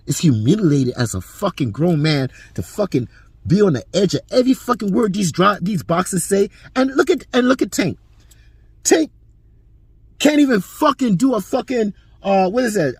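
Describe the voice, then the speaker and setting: Man ranting hotly about boxing, husky voice. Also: high voice, dry recording. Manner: heated, profane, ranting. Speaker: boxing commentary channel host. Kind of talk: profane boxing opinion rant.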